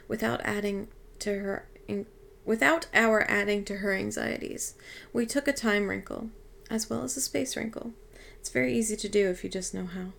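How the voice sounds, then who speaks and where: Woman reader doing a chatty, gravelly old being, brisk and soothing, audiobook. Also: medium pitch. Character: cheerful eccentric old female otherworldly being. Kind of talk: audiobook reading.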